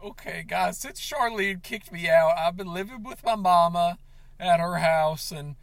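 A man's voice: high voice, measured pace, gravelly, dry recording. Man, comedic vlog rant, tearful, overwrought, dry close sound. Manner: overwrought, sobbing and shouting in bursts. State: tearful, on the verge of crying. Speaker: comedic vlogger.

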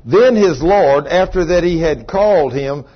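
An older man preaches a sermon, telling its story in a folksy way and acting out the dialogue of its characters. His voice is a little high and breathy, with lively intonation and a slightly slow pace, captured on a muffled lo-fi recording.

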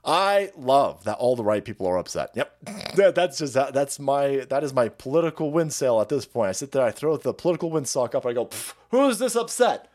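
A man's voice: medium pitch, expressive, fairly quick, few pauses, a little mellow. A man hosting a stream, ranting profanely and mockingly as he reacts to clips. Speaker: stream host.

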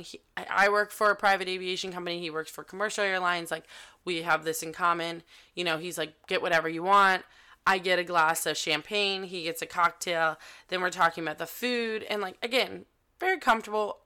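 A young woman hosts a casual podcast and tells a dating story with frank, animated energy, cursing freely. Her voice sits a little low in pitch for a woman, yet it sounds bright, crisp and smooth. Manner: candid, animated, swears freely. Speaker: podcast host.

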